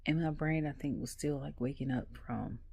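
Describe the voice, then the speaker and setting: A woman vlogging a casual wrestling recap at home, an animated storyteller who laughs often. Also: rumbling low, normal speed, creaky, breathy edge, no room sound. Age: adult.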